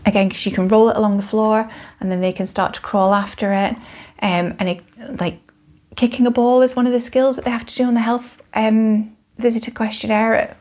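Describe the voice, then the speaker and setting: A British woman in her thirties, a parenting vlogger, gives a casual toy review to camera, speaking frankly with many ums and self-corrections. Her voice is a little high and darkish in tone, and her delivery is flat and a little fast.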